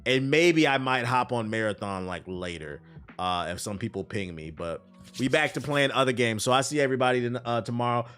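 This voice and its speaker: A man streaming live, giving casual, profane, animated commentary on news, his voice a bit tired. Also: mid-range voice, brisk, clear, resonant tone.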